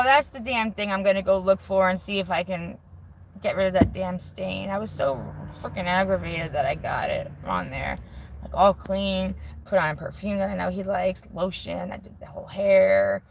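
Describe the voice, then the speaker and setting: On a handheld phone in her car with the window down, a forties-aged woman live-streams casual, rambling chat, swearing freely and mocking herself candidly. She talks at normal speed with a fairly low pitch and vocal fry, and the low-quality audio has a little hiss or hum.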